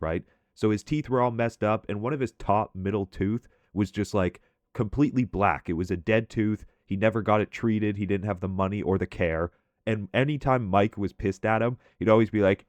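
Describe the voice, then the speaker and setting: A man's voice: low-pitched, moderate pace, dry recording. A man casually telling a story over gameplay commentary, chatty and loose, often laughing and tagging lines with "right?".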